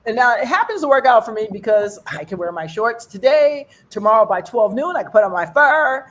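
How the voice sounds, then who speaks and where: An older American woman doing a stand-up comedy set for an online fundraiser. She talks in a rambling, conversational way and jumps her pitch up high when she mimics other people's accents. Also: expressive, brisk. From United States.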